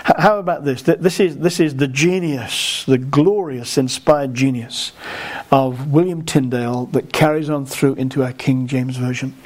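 A man preaching a sermon in an earnest way, often repeating words and slowing down to stress key phrases. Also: medium pitch, a little mellow.

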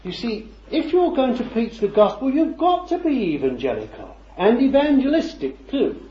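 A man's voice: very high-pitched, big pitch swings, normal speed, a little hiss or hum. A man preaching a sermon, talking conversationally and peppering it with rhetorical questions and chuckles. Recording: roomy, dull lo-fi recording.

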